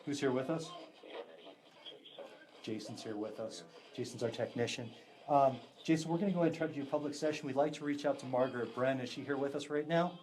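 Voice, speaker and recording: A man, a psychic medium, leading a live ghost box session with a group indoors, chatty and quick to laugh as he relays answers. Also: medium pitch, a little mellow. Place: indoors in a historic house with a group.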